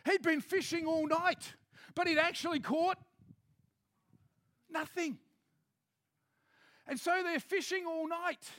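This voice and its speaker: A man preaching a sermon to his congregation in a lively, joking, conversational way. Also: very high voice, slow pace, pauses often. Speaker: pastor. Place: church hall with a congregation.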